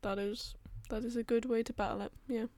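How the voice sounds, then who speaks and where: A woman's voice: a little high, flat delivery, fairly quick, darkish tone, dry recording. A young woman in her twenties co-hosting a podcast, talking bluntly and swearing freely in casual chat. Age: 20s. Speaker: podcast co-host.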